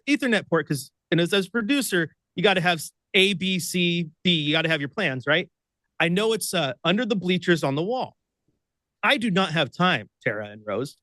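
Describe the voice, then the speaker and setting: A man's voice: a little high, no echo. A man from Oregon, a radio producer and host, telling a story as a guest with lots of laughter and acted-out voices. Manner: excitable, laughs often, acts out voices in his stories. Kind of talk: animated storytelling.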